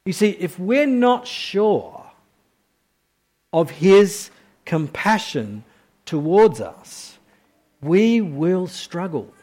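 A man preaching a sermon, moving between soft, slow reflective passages and louder, urgent questions to the congregation. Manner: swings from quiet, low reflection to loud, high-pitched questioning.

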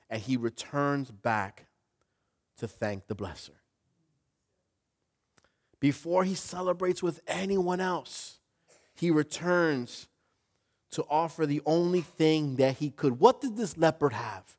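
A male pastor preaching a sermon in an animated way, rising to loud emphasis. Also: fairly high pitch, slow pace, pauses often.

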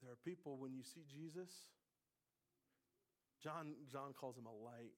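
A man in his thirties preaching a sermon, moving between hushed, quiet passages and loud, emphatic bursts. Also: mid-range voice, a little slow. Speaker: pastor.

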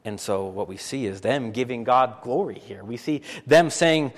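A man preaching a sermon as pastor, animated and full of rhetorical questions, often repeating phrases for emphasis. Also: mid-range voice, moderate pace, hardly any pauses, in a large hall.

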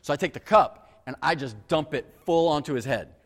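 A man preaching a sermon. He tells a personal story in an earnest, animated way and keeps addressing the crowd as guys. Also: on the high side, brisk. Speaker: pastor. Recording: long reverb of a large hall.

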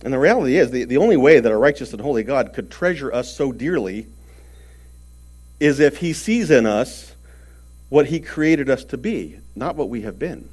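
A man's voice: medium pitch, lively intonation, moderate pace, slightly rough. Earnest male preacher giving a sermon. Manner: earnest, emphatic preaching with swings in loudness and repeated words.

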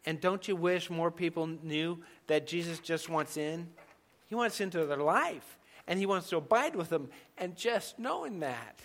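Male pastor, slightly high, bright tone, emphatic conversational sermon delivery. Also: animated, unhurried. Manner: emphatic, conversational preaching with sudden soft drops.

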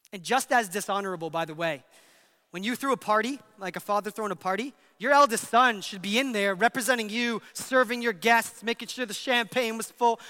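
A man preaching a sermon as pastor, emphatic, swinging between loud passages and hushed ones. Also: high-pitched, big-room sound.

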